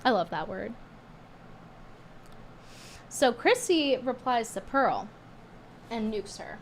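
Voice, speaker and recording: Here a woman streamer offers casual, sarcastic commentary with lots of animation, getting indignant and a touch hoarse. Her fairly high voice has a sing-song lilt and a slow pace, over light background noise.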